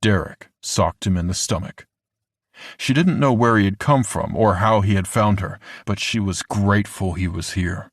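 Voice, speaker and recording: A man reading a horror audiobook in a measured, deliberate way, slowing down for the grim moments. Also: fairly low pitch, no room sound, clean studio sound. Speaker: audiobook narrator. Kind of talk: scripted horror narration.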